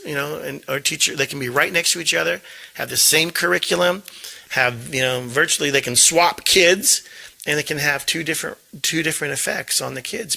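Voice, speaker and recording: A middle-aged man talks as a guest principal, with a strongly gravelly fry all through. His tone is very bright and forward. He speaks earnestly, doubling words as he works out each thought. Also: on the high side, poor audio. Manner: earnest, repeats words as he thinks. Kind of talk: casual interview talk.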